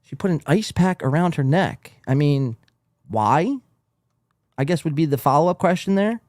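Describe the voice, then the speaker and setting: A man hosting a podcast, reacting to a clip with crude, mocking sarcasm. His pitch swings up and down in an animated way. The sound is close and dry, with no room echo. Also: normal speed. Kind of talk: commentary.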